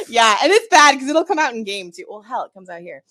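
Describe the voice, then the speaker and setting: A woman's voice: high-pitched, pushed and bright. A woman from the southern United States chatting casually as a podcast co-host, talkative and full of "like" fillers, laughing often. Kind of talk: casual chat.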